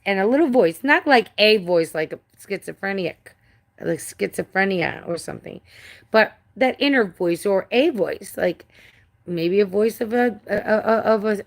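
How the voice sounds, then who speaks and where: A woman's voice: medium pitch, creaky. A middle-aged woman hosting a casual live stream from home, rambling, restarting sentences and swearing now and then. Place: home with a cat.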